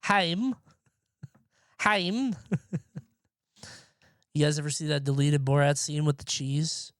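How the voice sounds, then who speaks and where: A man's voice: fairly high pitch, monotone, a little slow, darkish tone, no room sound, clean studio sound. A young man streaming and chatting casually, rambling and swearing offhandedly. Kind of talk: casual live-stream chat. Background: faint music.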